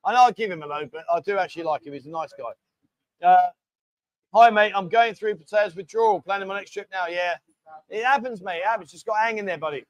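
Male live-stream host, higher voice, chatty and informal, dry close sound. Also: quick pace, no echo. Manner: chatty, reads out viewer messages, calls people mate. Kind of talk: casual live chat with viewers.

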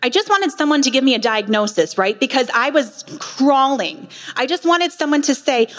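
A woman's voice: high voice, expressive, normal speed, hardly any pauses. A woman nurse practitioner giving a passionate faith-based talk at a women's retreat, with emphatic rhetorical questions. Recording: long hall reverb.

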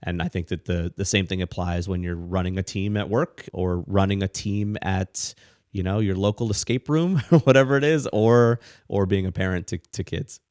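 A middle-aged man co-hosting a casual podcast, explaining ideas in a rambling, animated way with frequent restarts. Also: sits low, moderate pace, dry recording, clean studio sound. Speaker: podcast co-host, parent.

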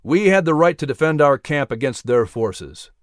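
A man's voice: a little high, animated, moderate pace, dry recording, clean studio sound, close to an everyday voice. A man voicing a stern young male colonel who gives firm, clipped orders in a storybook reading.

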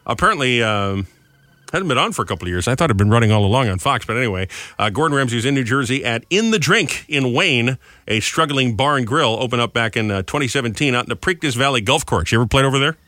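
A male podcast co-host telling stories in a quick, rambling way, his voice bright and swinging up and down. He pokes fun at himself as he goes. The sound is close and dry. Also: mid-range voice, no room sound. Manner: rambling, self-mocking, lively storytelling. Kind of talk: casual chat.

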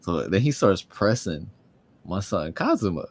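A man's voice: deep voice, big pitch swings, unhurried, breathy edge. A young man casually recapping an anime episode, laughing often and acting out the characters' lines.

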